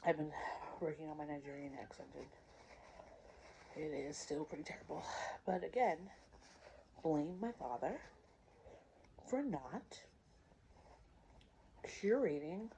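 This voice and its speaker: A woman chatting casually to the camera while eating, pausing between bites and asking viewers questions. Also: deep voice, expressive, mellow, a little hiss or hum. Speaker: vlogger. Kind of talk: casual mukbang chat.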